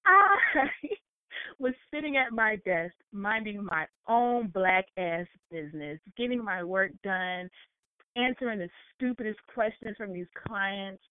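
A woman telling a work story in casual chat, animated and laughing, with frequent swearing. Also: medium pitch, unhurried, clean tone, dry recording. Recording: tinny phone-like line.

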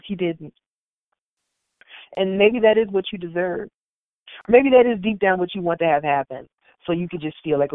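A woman co-hosting in casual chat, talking in a measured way. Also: fairly low pitch, no echo. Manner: measured, turns to loud laughing shouts. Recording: tinny phone-like audio.

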